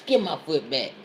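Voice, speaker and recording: A gravelly-voiced woman, a podcast host and women's counselor, tells a casual story, laughing and speaking candidly straight to her listeners as "y'all." Her voice sits lowish, and the recording is very noisy.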